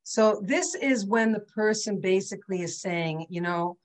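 A woman's voice: mid-range voice, a little slow, few pauses, poor audio. A woman giving a conversational lecture over a video call, often checking in with her listeners. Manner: chatty, often checks in with "right?" and "okay?". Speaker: teacher leading an online class.

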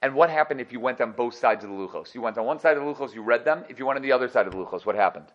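Fast-talking man teaching Torah. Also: mid-range voice, dull audio. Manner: animated, rhetorical questions, laughs often. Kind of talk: energetic Torah class.

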